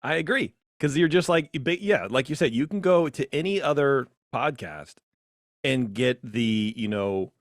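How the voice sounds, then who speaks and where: Man, podcast co-host, opinionated casual chat, animated, dry close sound. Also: a little slow, no echo. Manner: animated, jumps to high mocking voices.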